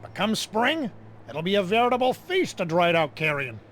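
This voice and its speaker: Crude, laid-back carrion bird. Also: male voice, sits high, sing-song, moderate pace, a bit bright, a little hiss or hum. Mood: crude joking. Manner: easygoing, lewd and jokey. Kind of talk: game dialogue.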